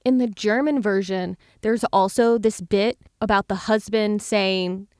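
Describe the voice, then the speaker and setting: A woman's voice: mid-range voice, steady tone, unhurried, a little mellow, dry recording, clean studio sound. Giggly woman telling a spooky tale. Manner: giggly, playful storyteller. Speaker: podcast co-host. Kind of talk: storytelling history podcast banter.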